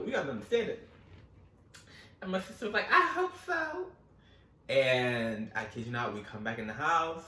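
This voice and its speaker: A man telling a wild true story in a casual vlog, animated and profane. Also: medium pitch, roomy sound, far from the mic. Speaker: storytelling host.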